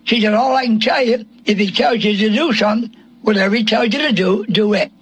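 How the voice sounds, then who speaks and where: A man's voice: sits high, a little fast, a little hiss or hum, poor audio. A man preaching a sermon, asking rhetorical questions and quoting scripture in old King James wording.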